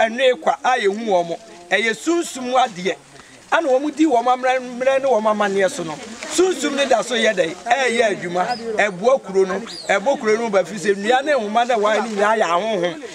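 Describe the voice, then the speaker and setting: A man hosting a vlog outdoors at a sanctuary, earnestly explaining spirits and tradition to his viewers. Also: sits high. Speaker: vlog host. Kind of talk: explaining to camera.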